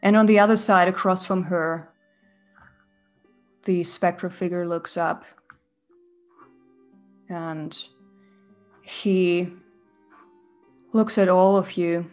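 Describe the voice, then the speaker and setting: Slow, atmospheric woman game master. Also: fairly low pitch, steady tone, soft background music. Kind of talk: narrating a tabletop game.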